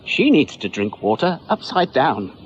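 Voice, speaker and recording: Breezy oddball doctor read by a man, animated, slightly dull radio sound. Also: medium pitch, unhurried, slight background noise, pitched above the performer's own voice. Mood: urgent. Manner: breezy and matter-of-fact. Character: eccentric cheerful male doctor, unflappable.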